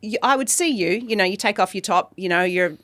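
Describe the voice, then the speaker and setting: A woman co-hosting a podcast, chatting casually and cutting in quickly with questions. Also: medium pitch, a bit bright, no room sound. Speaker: podcast co-host. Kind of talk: casual conversation.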